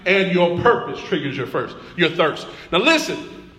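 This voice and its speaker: A pastor preaching a sermon in a church, building through repeated phrases and calls to the congregation. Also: male voice, high voice, very animated, measured pace, fairly bright tone. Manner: preaching with rising call-and-response. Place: church sanctuary. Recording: echoey church room.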